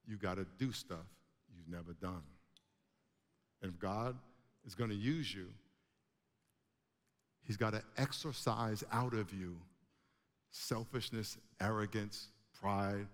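A man preaching a sermon to a congregation, animated, with emphatic rising bursts. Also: on the low side, unhurried, long pauses. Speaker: pastor. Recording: long hall reverb.

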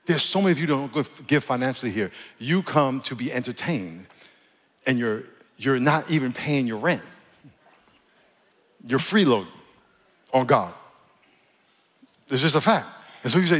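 A man preaching a sermon in a large church, blunt and conversational, with jokes and words slowed down for emphasis. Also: mid-range voice, expressive, a bit bright. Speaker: pastor. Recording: long reverb from a large hall.

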